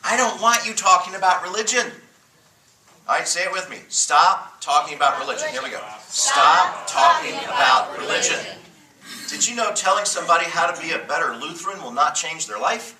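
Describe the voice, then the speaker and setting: A man's voice: sits high, expressive, fast, distant mic. A man teaching a church class, an emphatic and joking storyteller who leads the group in call-and-response. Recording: roomy room mic from afar, faint noise.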